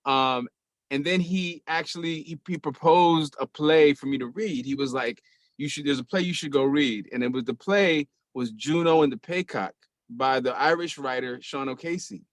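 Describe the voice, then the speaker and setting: A man with a fairly high voice recounts a memory over a video call. His sound is close and dry, with no room around it. He laughs often and trails off before starting again. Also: normal speed, no echo. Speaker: guest sharing memories. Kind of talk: casual storytelling on a video call.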